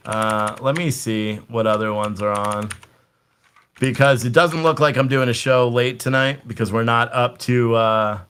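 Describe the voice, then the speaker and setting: A man's voice: medium pitch, a bit bright, clear, resonant tone. A man ranting casually and profanely on a livestream, talking straight to his viewers. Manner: chatty, talks to viewers in the chat. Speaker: livestream political commentator.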